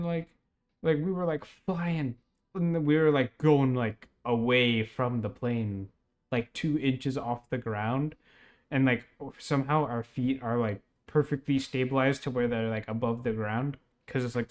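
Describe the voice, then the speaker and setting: A young man casually retelling a strange dream, rambling with lots of fillers and laughs. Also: mid-range voice. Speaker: podcast host.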